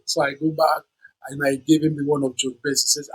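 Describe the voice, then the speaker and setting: Very husky-voiced man in his 60s. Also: on the high side, quick pace, rough recording. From Nigeria. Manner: animated storyteller who acts out the people he quotes. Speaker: guest musician. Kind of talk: storytelling interview.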